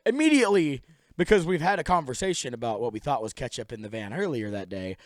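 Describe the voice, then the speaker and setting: A man's voice: mid-range voice, expressive, quick pace, no echo, clean studio sound. A young man co-hosting a podcast, telling a story in a rambling, laughing way and acting out quotes in silly voices. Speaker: podcast co-host. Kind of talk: casual chat, storytelling.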